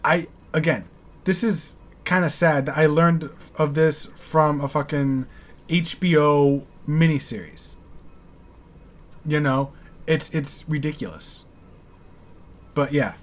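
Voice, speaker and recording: American guy rambling in a reaction vid, kinda high voice, cusses casually. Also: slow, long pauses. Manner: rambling, candid, swears casually. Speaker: reaction video host.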